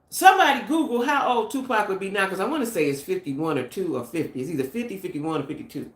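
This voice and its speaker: A woman's voice: medium pitch, very animated, a little fast, reverberant. A middle-aged American woman hosting a casual gossip live stream, chatty and speculative, talking straight to her viewers. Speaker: channel host.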